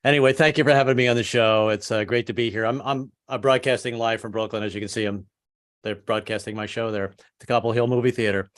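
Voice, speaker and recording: A man's voice: medium pitch, steady tone, fast talker. Middle-aged guy from new york doing standup on a video call, chatty, stumbles over his words. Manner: chatty, stammering restarts, puts on tough-guy voices. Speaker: stand-up comedian.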